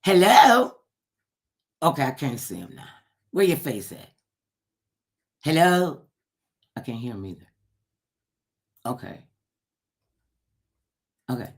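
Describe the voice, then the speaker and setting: A woman's voice: rumbling low, very animated, slow, long pauses. A woman host giving an impassioned livestream monologue, preachy, firing rhetorical questions at her listeners and repeating phrases for emphasis.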